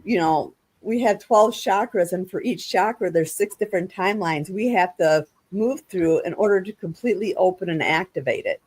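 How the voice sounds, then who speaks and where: A woman's voice: lowish voice, normal speed, few pauses, a little mellow, slightly rough. A woman hosting a casual panel discussion over a video call, explaining things at length with frequent restarts. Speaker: podcast host.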